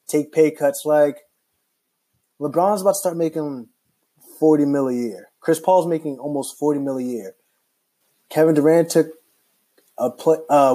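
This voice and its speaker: A young man vents in a loose, rambling way, full of restarts and filler words. His voice sits a little high but sounds mellow and warm. He comes across irritated and animated throughout. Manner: animated, rambling, heavy use of "like". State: frustrated. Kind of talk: casual basketball rant.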